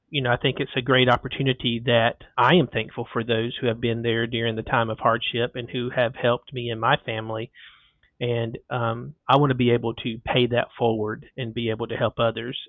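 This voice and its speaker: A man of middling pitch hosts a podcast, speaking sincerely and conversationally. The recording is very dry and a little dull, with no room sound. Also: dry recording. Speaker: podcast host. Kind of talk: podcast interview and sign-off.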